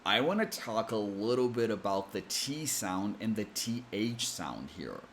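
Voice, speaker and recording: Slow, deliberate American coach. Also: male voice, fairly low pitch, pushed and bright, a little hiss or hum. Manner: slow, careful, deliberate explanations. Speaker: English pronunciation coach. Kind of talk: explanatory lesson.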